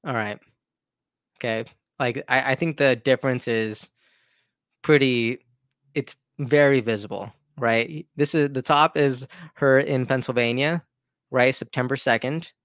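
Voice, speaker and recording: A man's voice: medium pitch, unhurried, a bit bright, dry recording, clean studio sound. A man hosting his own commentary channel, talking in an opinionated, conversational way and restarting his sentences. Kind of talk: casual political commentary.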